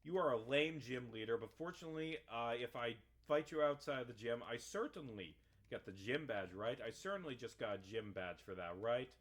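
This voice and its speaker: A tired man talking casually and rambling while he plays through a video game, turning animated and emphatic when he rants. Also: medium pitch, moderate pace, hardly any pauses. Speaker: gaming vlogger. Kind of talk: casual let's-play commentary.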